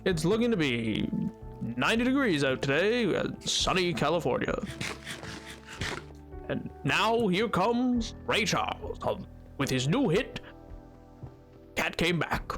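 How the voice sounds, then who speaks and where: A man's voice: high-pitched, very animated, takes it slowly, long pauses, fairly bright tone, faint music behind, pitched below the performer's own voice, full character voice. A man doing a hammy, theatrical 1950s male radio host, reading weather and sports news in an old-fashioned announcer delivery. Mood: announcing.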